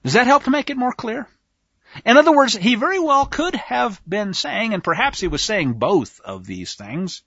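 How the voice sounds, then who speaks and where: A man giving a conversational Bible teaching, animated and emphatic, speaking straight to his listeners. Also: very high-pitched, moderate pace, dry recording. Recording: dull lo-fi dry recording.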